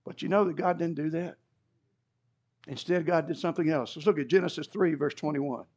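Guy preaching, kinda high voice with some gravel, jokey asides, muffled lo-fi sound. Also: brisk, a little mellow. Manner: conversational preaching with asides and wry humor. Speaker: pastor. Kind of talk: sermon. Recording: dull lo-fi recording.

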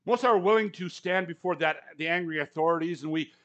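A man's voice: fairly high pitch, fairly quick, fairly bright tone, dull audio. A man preaching a sermon to a congregation, conversational and anecdotal, often stammering and acting out quoted lines. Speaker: pastor. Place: church service before a congregation.

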